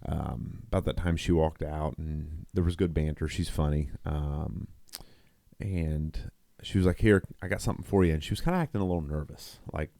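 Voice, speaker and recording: A man's voice: rumbling low, fairly even intonation, normal speed, gravelly, mellow, no room sound, studio quality. A middle-aged man, a nurse who co-hosts a podcast, telling a long story in casual chat, rambling with restarts and quoted dialogue. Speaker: podcast co-host.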